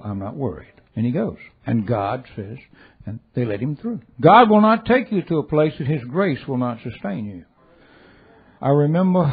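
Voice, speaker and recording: An older man preaching a sermon, swinging between loud exhortation and quiet, low asides. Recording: tinny phone-like audio.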